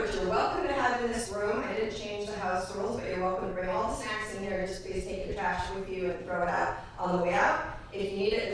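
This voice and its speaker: A woman's voice: mid-range voice, a little hiss or hum. Woman hosting a show in an echoey room. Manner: friendly, with frequent "uh" pauses. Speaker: show host. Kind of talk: announcing house rules and introducing acts. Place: tiny dark performance room. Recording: echoey and distant, audience murmur.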